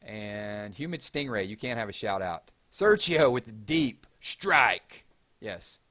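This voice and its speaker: A Georgia man with a Southern US accent hosts a laid-back livestream, reading viewer comments aloud and giving shout-outs. His voice is lowish and animated, and he talks at a slow pace.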